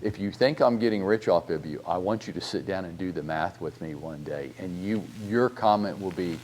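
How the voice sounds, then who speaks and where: A middle-aged man, a real estate broker, giving a blunt, animated training talk full of rhetorical questions and mild swearing. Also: deep voice, moderate pace, slight background noise.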